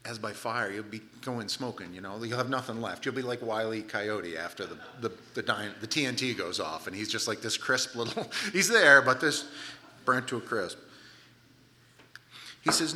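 A middle-aged man preaching a sermon to a congregation, animated and sarcastic at times, with frequent restarts. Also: lowish voice, normal speed. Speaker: pastor.

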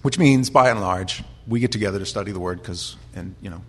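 An American man preaching a conversational Bible sermon, chatty with restarts, sometimes building to loud, impassioned storytelling. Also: low voice, brisk. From United States. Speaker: pastor.

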